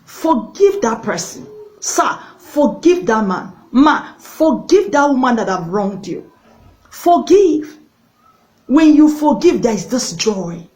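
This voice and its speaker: A woman's voice: fairly high pitch, big pitch swings, slow, darkish tone, rough recording. An earnest woman evangelist preaches and tells a story, speaking straight to the viewer. She leans on repetition for emphasis and pleads with her listeners. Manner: earnest, directly addresses viewers. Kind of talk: sermon.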